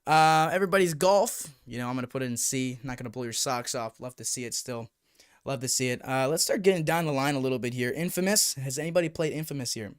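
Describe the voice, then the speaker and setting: Fast-talking excitable young man streamer. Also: mid-range voice, clean tone. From United States. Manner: excitable, rambling, talks to chat. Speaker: YouTube VR streamer. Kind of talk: casual live-stream chat.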